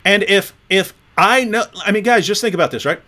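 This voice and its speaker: A man hosting a casual livestream, talking in an animated way with frequent restarts. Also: sits high, a little fast. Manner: animated, repeats words and restarts often. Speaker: host.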